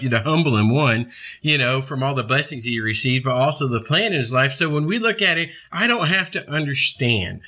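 A man's voice: a little high, pushed and bright. A man in his thirties leading a casual Bible study, talking conversationally and asking and answering his own questions. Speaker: preacher.

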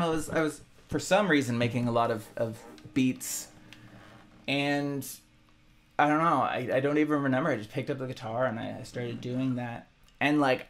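A man musician talking casually about his own songs, halting and rambling with many restarts. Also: mid-range voice, creaky, a bit bright. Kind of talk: casual reflective monologue.

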